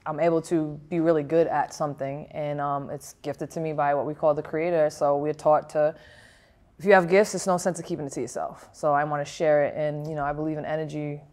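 Deep-voiced woman boxer talking real open, lots of um and you know. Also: level tone, brisk, darkish tone. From Providence, Rhode Island, USA. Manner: frank, reflective, with fillers and restarts. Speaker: professional boxer. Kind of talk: candid interview answers.

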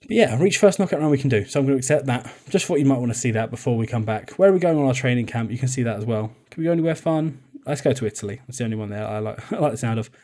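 A man's voice: medium pitch, expressive, very fast, hardly any pauses, mellow. A young man giving chatty, jokey commentary on a football management game, often laughing. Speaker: video game YouTuber. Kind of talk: casual gameplay commentary.

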